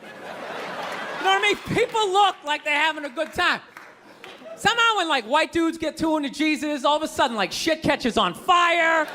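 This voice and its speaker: A man doing a stand-up routine on a comedy club stage, ranting loudly and exasperatedly with plenty of profanity. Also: very high-pitched, lively intonation, normal speed. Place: comedy club stage before a live audience. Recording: live stage recording with crowd laughter and noise.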